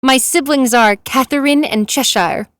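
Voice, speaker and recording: A woman's voice: sits high, measured pace, a bit bright, no room sound, clean studio sound. A woman voicing a proud, courteous French werewolf chef in his thirties, speaking with a French accent in a storybook reading. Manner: polite and proud, mixing French phrases.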